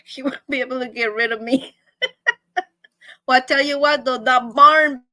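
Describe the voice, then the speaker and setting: A high-pitched, middle-aged woman, chatting with viewers as host of her weekly live show. She giggles and laughs between almost every line. Her voice sounds close and dry, with no room echo. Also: steady tone, a little slow, sharp tone. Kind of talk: casual chat to viewers.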